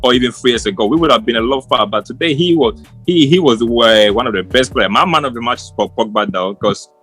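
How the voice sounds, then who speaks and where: A man's voice: medium pitch, fast, a bit bright, slightly rough, soft background music. A man co-hosting a casual football chat, rambling and restarting his sentences as he passionately argues his opinions. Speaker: football podcast co-host. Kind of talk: casual post-match chat.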